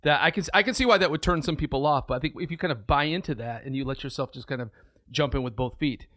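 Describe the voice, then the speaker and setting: A man's voice: a little high, quick pace, fairly bright tone, no echo, clean studio sound. Agreeable man co-hosting a podcast. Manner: agreeable, many fillers. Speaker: podcast co-host. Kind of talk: casual podcast chat.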